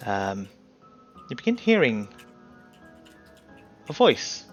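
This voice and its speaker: A man's voice: mid-range voice, unhurried, a bit bright. A man running a tabletop game as game master, narrating loosely with many fillers. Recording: slightly dull mic with faint music.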